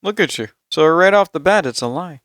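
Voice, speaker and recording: A man's voice: fairly high pitch, animated, fairly quick, fairly bright tone. Blunt joking streamer man. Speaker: streamer reacting to a video. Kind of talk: casual reaction commentary.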